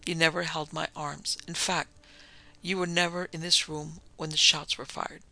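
Hard-boiled male detective, read by a man: gravelly, flat, terse. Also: fairly high pitch, moderate pace, full character voice. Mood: stern. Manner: terse, clipped and stern. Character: hard, cold male detective who hates criminals.

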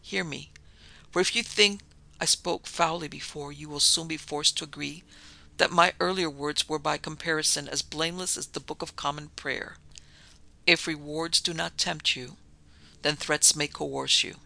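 A man voicing a sinister, disfigured nobleman in an audiobook, speaking with measured, coldly polite menace. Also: a little high, steady tone, creaky, pushed and bright, heavily acted. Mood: menacing. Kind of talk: audiobook narration.

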